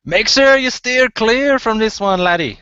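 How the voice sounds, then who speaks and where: A man's voice: sits high, animated, a little slow, bright, forceful tone, smooth, dry recording, pitched above the performer's own voice, heavily acted. A man voicing a friendly dwarf who calls people laddie, with a folksy manner. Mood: teasing. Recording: dry, dull lo-fi mic.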